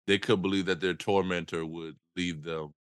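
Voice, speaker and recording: A man co-hosting a podcast, chatting casually about a movie in a laid-back, halting way, often repeating words. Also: deep voice, fairly even intonation, clear, resonant tone, no room sound, studio quality. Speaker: podcast co-host. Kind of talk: casual movie review chat.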